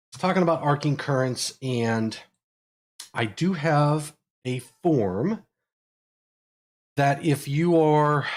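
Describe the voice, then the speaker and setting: A man from Pittsburgh with a Pittsburgh accent, hosting a live technical Q&A and explaining electrical code in quick, energetic bursts with frequent fillers. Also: mid-range voice. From Pittsburgh, USA. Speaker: electrical engineering educator.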